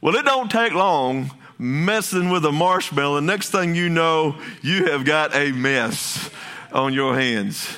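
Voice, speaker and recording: A male pastor delivers a fervent sermon, his voice bright and sharp and pitched a bit high. He talks in a folksy way, often restarting his sentences. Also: lively intonation, slow pace, smooth. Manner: passionate, repetitive restarts, folksy asides.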